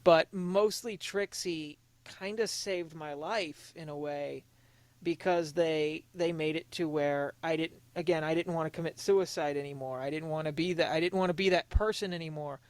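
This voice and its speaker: A young man on a casual podcast, talking in an earnest, confessional way, halting and restarting often. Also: a little high, steady tone, clear, resonant tone, no echo. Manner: emotionally open, confessional. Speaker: podcast co-host.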